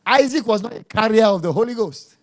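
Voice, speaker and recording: A man's voice: sits high, lively intonation, brisk. A man preaching a sermon, emphatic and scolding, repeating words for stress.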